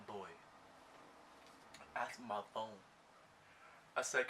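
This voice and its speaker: A young man telling a breakup storytime while getting ready, animated and slangy, acting out his own reactions. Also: lowish voice, takes it slowly, far from the mic, noisy background. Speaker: vlogger.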